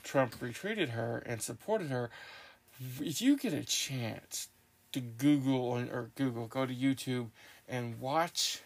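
A man hosting a podcast in casual chat, telling stories in a rambling, animated way with lots of restarts. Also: mid-range voice, takes it slowly, creaky. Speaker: podcast host.

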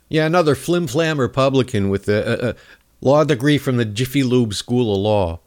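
Brief: male comic ranter, swings his pitch widely, angry and crude, rambling with lots of uh's. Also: very animated, moderate pace. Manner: angry, insulting, rambling with many fillers. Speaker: comedic ranter. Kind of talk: profane political rant.

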